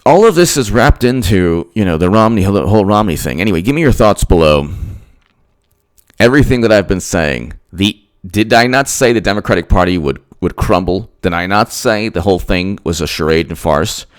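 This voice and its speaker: Low-voiced guy ranting politics, voice jumps all over, keeps repeating himself. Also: animated, normal speed, clear, resonant tone. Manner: emphatic, repetitive, rhetorical questions. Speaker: political commentator.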